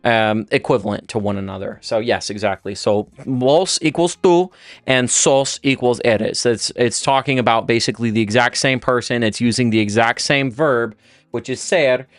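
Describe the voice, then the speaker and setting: A man's voice: medium pitch, moderate pace, dry recording. A man teaching a casual live-streamed Spanish lesson, thinking aloud with fillers and restarts while he writes out conjugations.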